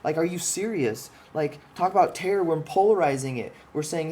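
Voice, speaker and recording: This vlogger has a mellow voice on the high side and talks at a moderate pace with hardly any pauses. He delivers a rambling, profane, impassioned monologue, restarting his sentences as he points at a drawing to explain his ideas.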